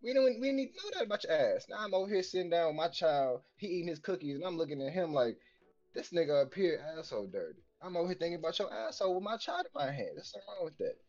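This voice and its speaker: A man's voice: on the high side, animated, quick pace, creaky, darkish tone, muffled recording. A man co-hosting a podcast, telling long rambling stories full of slang, profanity and fillers in casual banter. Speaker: podcast co-host.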